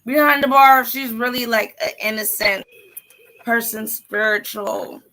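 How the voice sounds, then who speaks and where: A woman hosting a casual livestream chat, blunt and animated, sometimes trailing off into near-whispers. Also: a little high, unhurried, a little hiss or hum, poor audio. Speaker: livestream host.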